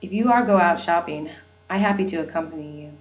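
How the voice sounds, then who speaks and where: A woman reading a novel aloud, voicing a reserved young woman who answers in short, halting, broken English. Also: on the low side, natural voice. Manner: halting, formal, short replies.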